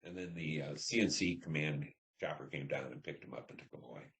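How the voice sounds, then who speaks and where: Older guy, real deep voice, telling a war story, lots of you know, acts out the dialogue. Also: a little fast, gravelly, fairly bright tone. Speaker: interviewee, veteran. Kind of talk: personal war story in interview.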